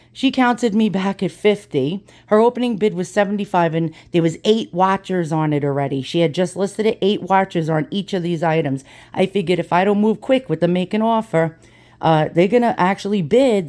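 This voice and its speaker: This middle-aged woman's voice is fairly low and darkish, and she speaks briskly. She vlogs casually as she unboxes things, telling a story with blunt, foul-mouthed candor.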